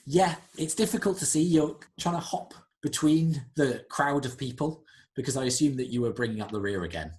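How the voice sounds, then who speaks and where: A man narrating as game master, describing scenes in an unhurried, descriptive way. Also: medium pitch, darkish tone.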